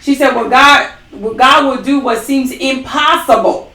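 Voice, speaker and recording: Woman preaching her testimony, kinda high voice, echoey room, sits back from the mic. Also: unhurried, bright, forceful tone, distant mic. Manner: emphatic, preacherly, with dramatic quoted asides. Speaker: ministry co-host. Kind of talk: testimony-style faith talk.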